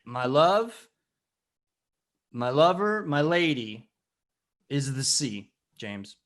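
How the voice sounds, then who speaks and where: A man's voice: medium pitch, sing-song, drawn-out words, fairly bright tone, exaggerated voice. A man playing a boastful, lovesick captain who runs a casino on a cruise ship, talking brashly and calling people brother. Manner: brash, calls people brother, swings into mopey sulking. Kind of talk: improvised comedy character.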